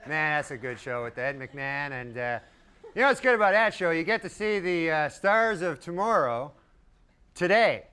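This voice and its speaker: A man doing a stand-up comedy set, talking in a drawling, deadpan way with rambling asides. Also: a little high, moderate pace. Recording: live club set with loud crowd and noise. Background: audience laughter.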